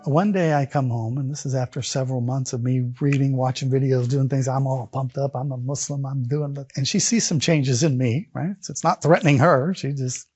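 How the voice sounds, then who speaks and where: A man's voice: medium pitch, fairly even intonation, brisk, few pauses, a little mellow, husky, no echo, faint music behind. A man from Texas, a guest in an interview, telling a personal story in a reflective way and acting out the scenes he retells. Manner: reflective, retells scenes with acted quotes and laughs.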